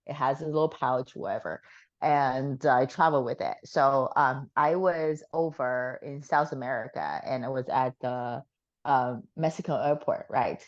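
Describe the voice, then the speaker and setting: A woman's voice: very deep voice, a little slow, highs cut off. Laughing, swearing woman telling a story. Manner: animated, laughing storyteller who swears casually. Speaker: guest. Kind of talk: casual storytelling chat.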